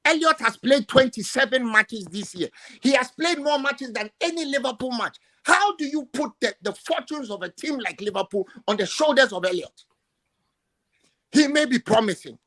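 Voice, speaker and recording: A man's voice: very high voice, lively intonation, moderate pace, fairly bright tone. Exasperated, stammering male caller. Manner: emotional, exasperated, stammering repetitions. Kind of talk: impassioned call-in rant. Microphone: video call.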